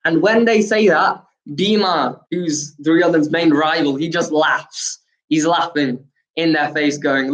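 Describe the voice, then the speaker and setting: A male teacher retells an ancient epic in an animated way, slipping into dialogue and leaning on fillers like uh and um. His voice sits a little high for a man. The recording is roomy and echoey. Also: unhurried. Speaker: spiritual teacher. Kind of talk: storytelling talk. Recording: echoey room.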